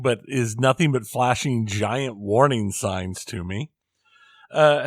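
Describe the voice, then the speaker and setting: A man's voice: medium pitch, no room sound, studio quality. A man co-hosting a gaming podcast, chatting casually and making wry, offhand quips. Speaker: podcast co-host. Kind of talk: casual chat.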